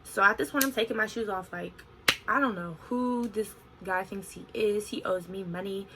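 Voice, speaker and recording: A young woman in her twenties telling a story on her vlog in an animated, expressive way, full of "like". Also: medium pitch, moderate pace, a little hiss or hum, poor audio. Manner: animated, expressive retelling with frequent "like". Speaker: vlogger.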